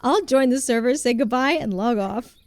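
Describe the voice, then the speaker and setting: A woman's voice: a little high, moderate pace. A woman streaming a game live, chatting casually, laughing often and answering her chat as she plays.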